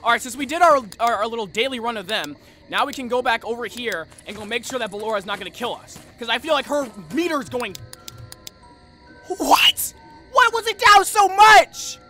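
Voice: mid-range voice, expressive, fast, pushed and bright, faint music behind. A gamer doing let's play commentary on a horror game, panicky, repeating phrases and yelping at the screen.

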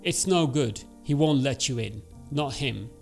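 A man voicing a rude, gruff old man who guides a lost traveller, speaking in curt, growling replies. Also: mid-range voice, measured pace, a little mellow, soft background music. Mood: surly.

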